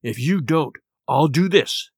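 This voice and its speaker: A wretched, cruel blind sea beggar, as a male audiobook reader puts him on, whining in an odd sing-song. His pitch swings widely and his threats come cold and ugly. The storybook sound is dry and close. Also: expressive, slow pace, husky, dry recording, heavily acted. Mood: cold threatening. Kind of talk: audiobook character voice.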